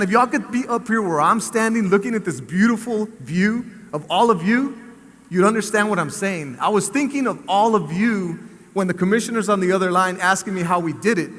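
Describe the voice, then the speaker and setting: A man, a school superintendent telling a story in a speech to a staff assembly in a large hall. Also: high-pitched. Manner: animated, story-driven public speaker. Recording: reverberant hall, amplified through speakers.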